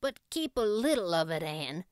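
Woman doing a soft-spoken shy old farmer guy, deep and quiet, clear dry audiobook read. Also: sing-song, normal speed, no room sound. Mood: shy, tender. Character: shy gentle elderly farmer man.

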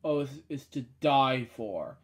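A man's voice: mid-range voice, lively intonation, slow. A man reading the lines of a scheming villainous male lion uncle from a storybook, in his own plain voice. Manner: read plainly in the reader's own voice.

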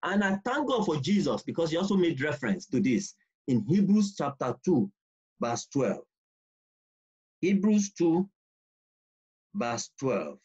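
A man teaching a bible study, emphatic and repetitive, reading scripture slowly and deliberately. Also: a little high, sing-song, a little mellow, breathy edge. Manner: emphatic, repeats key points, reads scripture slowly. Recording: dull lo-fi recording.

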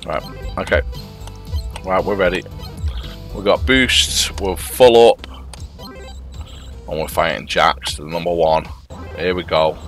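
A man talks over a video game in a low, deep voice. He mutters half to himself and repeats words as he plays. Faint music runs quietly behind him. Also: takes it slowly, long pauses. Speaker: gameplay commentator. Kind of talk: casual gameplay commentary.

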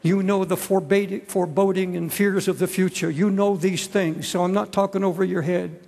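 An older man preaching a sermon as a pastor, earnest and halting, often restarting his words. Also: sits high, steady tone, creaky, a little mellow. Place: large church. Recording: church hall reverb.

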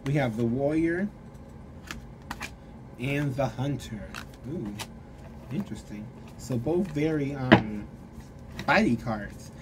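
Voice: medium pitch, animated, slow, pauses often, background noise. A tarot reader giving a casual reading straight to the viewer, rambling, full of "like" and "you know". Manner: rambling, filler-heavy talk; frank and direct toward the viewer.

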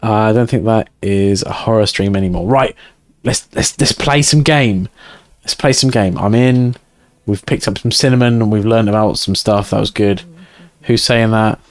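A man's voice: lowish voice, steady tone, normal speed, few pauses, clean tone, dry recording, clean studio sound. A man streaming a video game live, chatting and joking with viewers and swearing often. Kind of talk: casual live-stream chat while playing.

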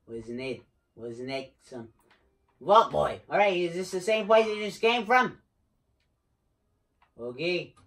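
Animated, joking let's play commentator. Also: medium pitch, slow pace, pauses often. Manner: excitable, jokey, talks to himself while playing; screams now and then. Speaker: gamer.

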